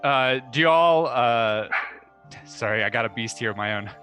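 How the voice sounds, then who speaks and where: A tabletop game player, laid-back and quick to laugh. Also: mid-range voice, fairly bright tone, faint music behind.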